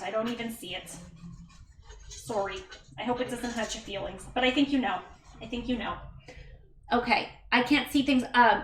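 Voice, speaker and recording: A woman's voice: on the high side, fairly bright tone, distant mic, a little hiss or hum. A woman livestreaming while she cooks at home, chatting casually with viewers, thanking them by name and making self-deprecating asides. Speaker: livestreamer and mother. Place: home kitchen. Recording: echoey room, voice a bit off-mic.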